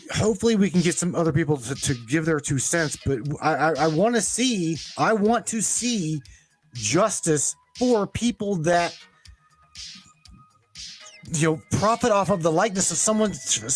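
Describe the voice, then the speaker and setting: Male call-in host, emphatic and stammering, fairly high voice, faint music behind. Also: animated, a little slow. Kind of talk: call-in talk show.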